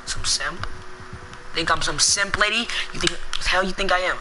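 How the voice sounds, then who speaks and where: Brash guy trash-talking through his game, kinda high voice, noisy background. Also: normal speed. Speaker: gameplay streamer. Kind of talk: casual gameplay commentary.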